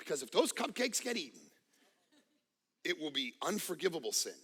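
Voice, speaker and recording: A middle-aged man preaching a sermon as pastor, telling jokey family stories and swinging from quiet asides to near-shouting. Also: on the high side, sing-song, fairly quick, pauses often, breathy edge. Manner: casual, joking storyteller. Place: church auditorium.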